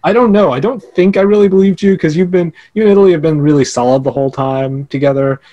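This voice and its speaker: A man's voice: a little high, fast talker, dark tone, dull audio. A man chatting about a strategy game he played, easygoing, chuckling often and thinking aloud. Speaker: fellow Diplomacy player. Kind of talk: casual conversation about a game.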